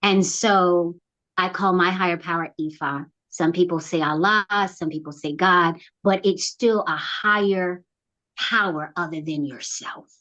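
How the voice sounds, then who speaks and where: Speaking at a measured pace, a middle-aged woman, the founder of a program, shares her life story in an interview. She tells it with animation, voicing quotes through dramatic rises and falls in pitch.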